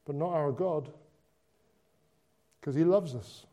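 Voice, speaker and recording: A preacher with a high, light voice talks to his congregation in an easy conversational way. He drops to a hush, then lifts into excited bursts, and he repeats phrases for effect. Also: slow, long pauses. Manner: conversational, repetitive, swings from hushed to excited. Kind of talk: Christmas sermon.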